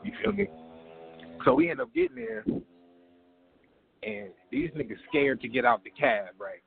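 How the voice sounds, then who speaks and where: Over phone-quality audio, a comedian calling in to an open mic line speaks in a high, gravelly voice at an unhurried pace. His profane comic story is animated, with him acting out each voice in it.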